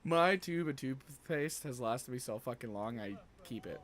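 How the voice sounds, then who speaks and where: A man's voice: medium pitch, lively intonation, measured pace, a bit bright. A man reacting to clips on a live stream, casually joking with plenty of crude swearing. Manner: crude, joking, laughs often. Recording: noisy stream audio.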